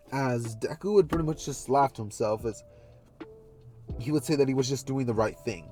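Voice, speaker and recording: A man's voice: medium pitch, moderate pace, warm tone, faint music behind. A man casually narrating a fan story, rambling with many fillers and loose links.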